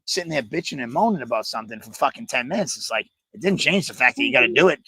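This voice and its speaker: A man with a gravelly, bright edge to his voice recounts stories in a relaxed, profane way. He talks in a casual chat style, often reflective. The sound is close and dry. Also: mid-range voice, racing, no room sound. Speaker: podcast co-host.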